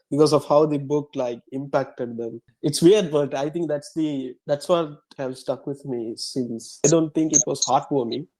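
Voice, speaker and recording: A young man from Sri Lanka, an author answering interview questions casually, soft-spoken and halting. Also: a little high, poor audio. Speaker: author guest.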